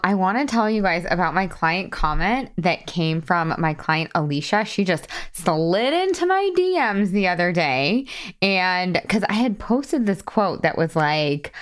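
Bubbly, excitable woman podcast host. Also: fairly low pitch, a little slow, clear, resonant tone. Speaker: podcast host and weight loss coach. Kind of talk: casual podcast monologue.

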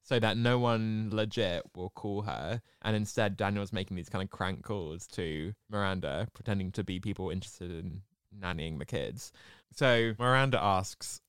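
Woman co-host, animated and smooth-voiced, close dry mic. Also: a bass voice, moderate pace, no room sound. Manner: animated, acts out quotes. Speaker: podcast co-host. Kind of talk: casual chat.

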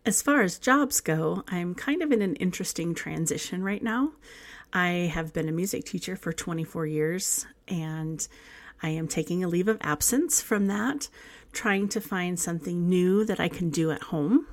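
A woman in her forties speaks in an earnest, heartfelt monologue as the host of a faith podcast. Her voice sits a little low for a woman. She talks softly and warmly sincere. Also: moderate pace. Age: 40s.

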